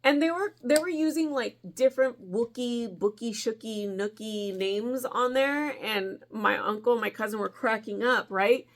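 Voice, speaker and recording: A woman in her forties, a crafting vlogger, telling a long rambling story in a chatty, animated way and laughing often. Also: fairly high pitch, normal speed, hardly any pauses. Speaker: crochet vlogger.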